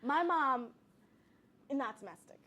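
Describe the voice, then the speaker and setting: A young woman chatting in an interview as a guest, an animated storyteller. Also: sits high, slow pace. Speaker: guest, cooking show host. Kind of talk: casual interview chat.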